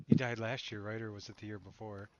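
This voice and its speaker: A man with a low voice chats bluntly and casually. He does quick sums out loud as he talks. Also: little pitch movement, dry recording, highs cut off. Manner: blunt, working out numbers aloud. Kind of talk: casual chat.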